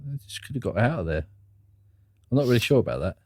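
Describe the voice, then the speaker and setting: A man's voice: mid-range voice, big pitch swings, fast talker, breathy edge, no echo, clean studio sound. A man co-hosting a film podcast in casual chat, laughing along as he recalls favorite scenes. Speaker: podcast co-host.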